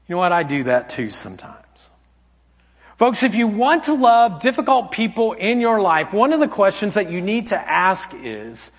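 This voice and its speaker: A man preaching a sermon as pastor, telling a family story with animated swings from loud acted quotes to hushed, soft tones. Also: high-pitched, measured pace, long reverb tail. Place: church hall.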